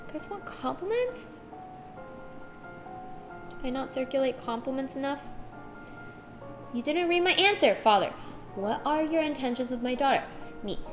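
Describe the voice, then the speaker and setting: Woman, live streamer, casual chat, giggly, playful little voices, highish pitch. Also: measured pace, pauses often, over music. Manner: animated, giggly, acts out little voices while reading chat.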